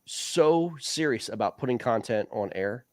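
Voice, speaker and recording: A man's voice: mid-range voice, lively intonation, a little slow, darkish tone, dry recording, studio quality. A man hosting a fishing league recap show, talking casually and rambling, calling people "man" and "dude". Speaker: show host.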